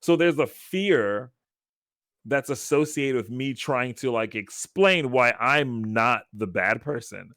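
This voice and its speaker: A man's voice: mid-range voice, slow pace, dry recording, clean studio sound. A man co-hosting a casual podcast chat, telling stories animatedly and acting out the lines of the people in them. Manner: animated storyteller who acts out quoted lines. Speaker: podcast co-host.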